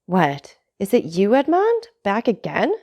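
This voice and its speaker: A woman's voice: medium pitch, huge pitch swings, unhurried, a little mellow, pitched above the performer's own voice, exaggerated voice. Caderousse, a woman voicing a greedy fawning tailor. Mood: ingratiating. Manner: hearty, ingratiating. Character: greedy fawning male tailor, mid-twenties.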